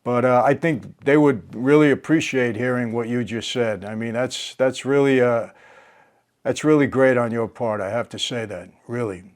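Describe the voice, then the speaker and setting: Older male host, halting conversational delivery with frequent fillers; easy middle pitch. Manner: halting, many fillers and restarts. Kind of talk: casual interview conversation.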